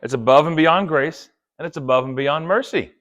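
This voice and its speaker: A man preaching a sermon, playful and chatty, acting out quick quoted asides. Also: fairly high pitch, a bit bright. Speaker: pastor.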